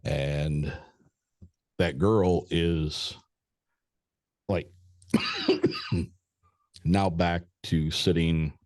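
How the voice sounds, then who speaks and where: A man's voice: low-pitched, wildly swooping pitch, extremely slow, long pauses, darkish tone, no echo, studio quality. A middle-aged man, a podcast guest, telling a long story in a rambling, hesitant way with some swearing. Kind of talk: casual storytelling.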